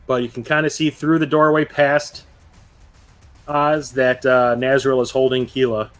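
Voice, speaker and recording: A man's voice: mid-range voice, little pitch movement, measured pace, faint music behind. A man running a tabletop game as game master, narrating the scene in a laid-back way and laughing often. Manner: laid-back, laughs often, acts short outbursts for characters.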